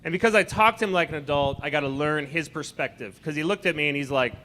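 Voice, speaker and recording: Guy doing stand-up at a comedy club, high bright voice, bouncy and mocking. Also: fast. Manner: animated, conversational, mocking.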